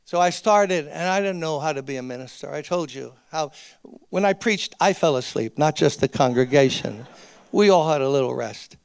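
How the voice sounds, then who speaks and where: Male pastor, conversational sermon, high voice, dry close sound. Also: lively intonation, moderate pace, vocal fry, clean tone, no echo. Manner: earnest and conversational, with emphatic repeated appeals. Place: church, speaking to a gathering of ministers.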